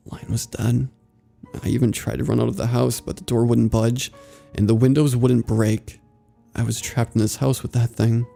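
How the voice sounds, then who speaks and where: A man reading a horror story aloud in a steady, somber scripted narration. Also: fairly low pitch, gravelly.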